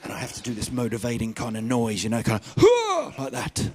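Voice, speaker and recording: A man doing a stand-up comedy set, telling stories in a loud, animated way with shouted bits. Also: lowish voice, quick pace, slightly rough.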